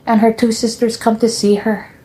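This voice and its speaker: A woman telling her family's stories in a gentle, unhurried way, with soft pauses. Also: fairly high pitch, level tone. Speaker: storyteller.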